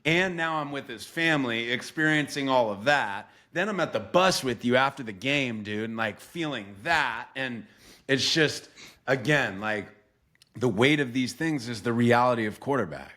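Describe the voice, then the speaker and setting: A man's voice: medium pitch, animated, normal speed, bright, forceful tone. A young man hosting a sports podcast, talking earnestly with casual swearing and lots of "bro" and "like". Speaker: podcast host and former quarterback coach. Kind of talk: emotional interview conversation.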